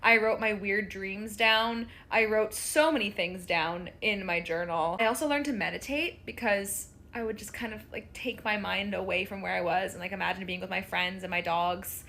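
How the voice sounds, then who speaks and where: Bubbly chatty woman, bright voice. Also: medium pitch, normal speed, gravelly, few pauses, a little hiss or hum. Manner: chatty, bubbly, run-on storytelling. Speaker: reality show contestant. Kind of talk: casual chat.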